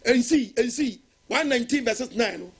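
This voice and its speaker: A middle-aged Ghanaian man preaching a sermon, animated and dramatic, with a husky voice. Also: very high-pitched, moderate pace. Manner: animated, dramatic, laughing and shouting in bursts. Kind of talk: sermon in Twi with English phrases.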